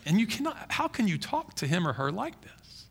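A man preaching with a high, lively voice that swoops through every phrase. His tone is bright and forceful with a gravelly edge, emphatic and full of quick restarts. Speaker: pastor. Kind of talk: sermon.

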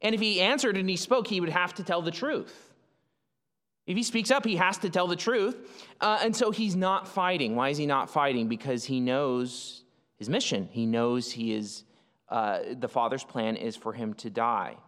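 A man's voice: a little high, normal speed, a bit bright. A male pastor preaching a sermon in an explanatory way, often restarting phrases and using fillers. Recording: long hall reverb.

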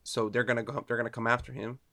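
A man's voice: medium pitch, flat delivery, fast, pushed and bright. A man co-hosting a casual film podcast, giving emphatic opinions and incredulous reactions.

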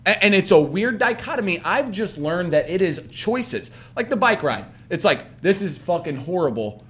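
A man co-hosting a podcast in casual chat, animated and swearing, mocking himself. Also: high-pitched, moderate pace. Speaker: podcast co-host.

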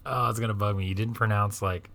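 A man's voice: lowish voice, steady tone, fast talker, creaky, fairly bright tone, a little hiss or hum. A man co-hosting a podcast, chatting casually in a rambling, jokey way that often trails off mid-sentence. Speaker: podcast co-host. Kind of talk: casual chat.

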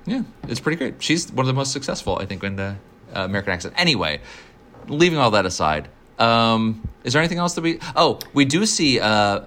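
A man's voice: mid-range voice, big pitch swings, brisk, fairly bright tone. A man co-hosting a podcast, talking casually and enthusiastically, rambling with frequent restarts. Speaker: podcast co-host. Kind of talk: casual chat.

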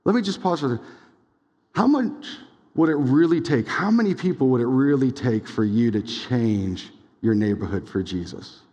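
A young adult man preaching a sermon as pastor, casual and animated, full of "like"s and quick asides. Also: medium pitch. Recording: long hall reverb.

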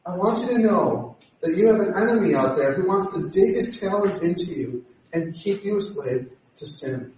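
A man preaching a sermon, animated and acting out the voices he quotes. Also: sits high, normal speed, a little hiss or hum. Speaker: pastor. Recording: echoey hall from far off.

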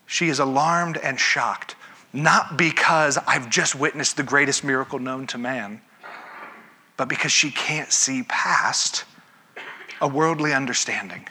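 A man's voice: medium pitch, unhurried, bright, forceful tone, husky. A man preaching a sermon, telling the story with animation and acting out the characters. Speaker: pastor.

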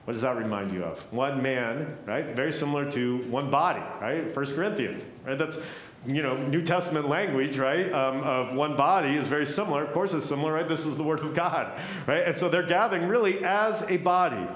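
A middle-aged male pastor preaching a sermon in a relaxed, conversational way, often checking in with "right?". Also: a little high, a little fast, echoey room, low-quality recording. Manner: conversational, keeps asking "right?". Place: church.

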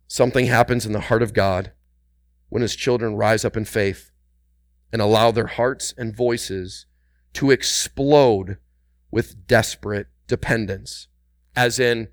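Man preaching a sermon, smooth resonant voice, dry close sound, hushed to loud urgent swings. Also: mid-range voice, unhurried, dry recording. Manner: repeats words for emphasis and calls on the congregation. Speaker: pastor.

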